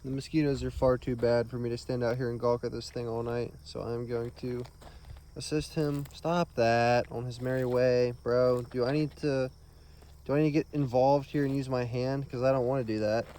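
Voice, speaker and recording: A young man vlogging on a rural road at night, chatty, excitable and self-mocking, with slang. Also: medium pitch, normal speed, a little hiss or hum. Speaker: field herper vlogger. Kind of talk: casual vlog narration on the road.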